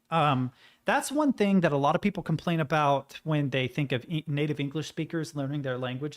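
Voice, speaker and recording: A young man streaming a game, musing aloud in a rambling, casual way and swearing now and then. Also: on the high side. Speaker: gaming streamer. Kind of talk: casual gaming commentary.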